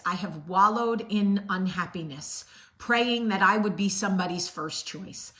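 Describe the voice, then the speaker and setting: A woman's voice: medium pitch, measured pace, pushed and bright. A woman host giving a blunt, sassy motivational talk straight to the camera. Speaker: vlog host. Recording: roomy echo.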